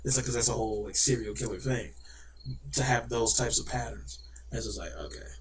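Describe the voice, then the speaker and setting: A young man co-hosting a podcast in casual chat, rambling with many "like" fillers and acting out scenarios in quick put-on voices. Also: mid-range voice, a little hiss or hum, poor audio. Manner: rapid, rambling, full of "like" fillers; animated, acts out scenarios in voices. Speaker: podcast co-host.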